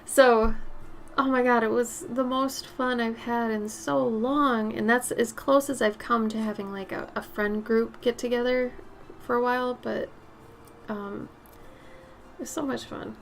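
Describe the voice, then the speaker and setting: A woman with a raspy, smoky voice chatting casually while she paints on a live stream, her nose a little stuffy. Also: a little high, fairly even intonation, a little slow, a little hiss or hum. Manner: chatty, drifts between topics, soft murmured asides.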